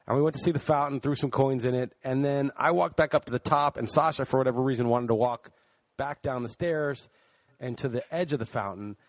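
A man's voice: mid-range voice, a little fast, no room sound. Man telling a story on a podcast. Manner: animated storyteller, swears casually. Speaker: podcast co-host. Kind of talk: casual chat.

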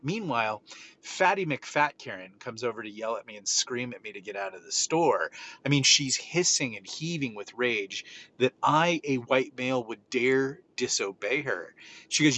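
A man's voice: mid-range voice, expressive, normal speed, bright, forceful tone. A middle-aged man hosting a podcast, telling stories with animation and acting out the exchanges. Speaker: podcast host. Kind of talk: casual podcast chat. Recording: slightly dull audio with faint noise.

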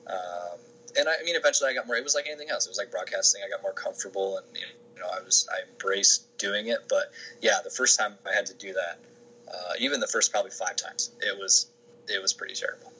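Bright-toned man answering interview questions. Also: low-pitched, fast talker, slightly rough, low-quality recording. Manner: rambling, many restarts and fillers. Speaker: sports information director, podcast guest.

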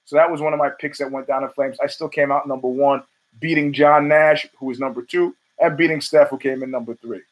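A man's voice: mid-range voice, steady tone, brisk. A man hosting his own show, giving rambling, profane solo commentary full of restarts and fillers. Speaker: podcast host.

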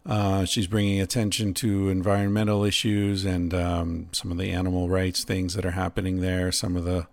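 Deep gravelly middle-aged guy, podcast host musing slowly, dry close sound. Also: level tone, dry recording. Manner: musing, unhurried, swears casually. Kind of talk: reflective casual monologue.

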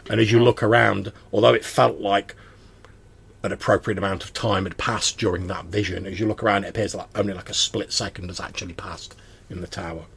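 A man's voice: sits low, steady tone, brisk, creaky, fairly bright tone, slight background noise. A man serving as game master, narrating a tabletop game in a wry, mock-solemn way.

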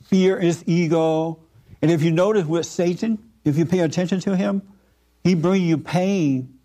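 A man gives an informal spiritual talk to a group, earnest and repetitive, with frequent halting fillers. His voice is on the high side, steady and mellow.

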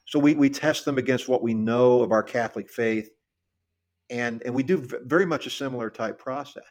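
A middle-aged man co-hosting a podcast, telling a history story in a casual, halting way with many restarts and repeated words. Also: medium pitch, darkish tone. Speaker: podcast co-host.

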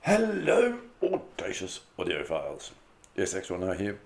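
A man's voice: fairly low pitch, expressive, a little fast. A man hosting his own audio show, chatting loosely through a month in review, laughing often and swearing casually. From Australia. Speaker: podcast host.

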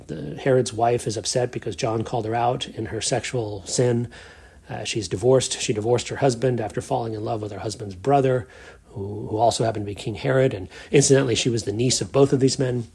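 A male preacher delivers a sermon with a rough, fry-edged voice. His tone is slightly breathy, and he talks earnestly, repeating words and phrases to press his points. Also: medium pitch, a little mellow.

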